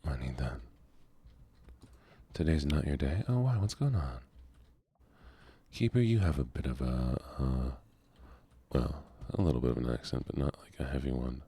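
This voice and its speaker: A man softly chatting with viewers while streaming a game, in a soft-spoken, easygoing way. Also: rumbling low, normal speed, creaky, pauses often, slightly rough.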